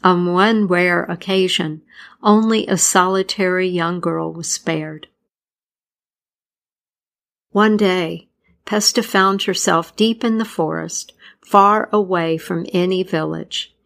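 A woman narrating a folktale and its history in a measured, deliberate scripted style. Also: fairly low pitch, fairly even intonation, gravelly, a bit bright. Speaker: storyteller.

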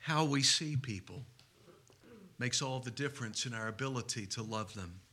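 A man's voice: medium pitch, moderate pace, bright, forceful tone. A man preaching a sermon as a priest, telling stories with humor. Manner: storytelling with humor.

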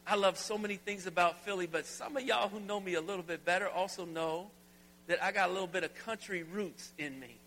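A middle-aged pastor from Alabama preaching a sermon in a large church, folksy and conversational, rising to emphatic preaching. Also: male voice, high-pitched, a little fast, sharp tone, a little hiss or hum. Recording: long hall reverb.

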